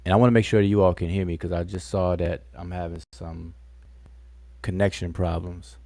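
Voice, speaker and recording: A man's voice: low voice, little pitch movement, fairly quick, vocal fry, darkish tone, dry recording. A man hosting a casual live stream, talking in a rambling, conversational way. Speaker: livestream host.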